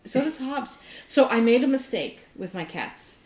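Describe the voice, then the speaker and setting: A woman co-hosting a casual chat, telling an animated story and laughing often. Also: fairly high pitch, moderate pace. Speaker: podcast co-host. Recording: roomy echo.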